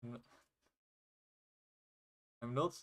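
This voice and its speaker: A man's voice: drawn-out words, a bit bright. Young man casually streaming his playtesting. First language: not English. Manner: rambling, self-deprecating, swears casually. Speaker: indie game developer streaming. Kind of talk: casual livestream commentary while playtesting.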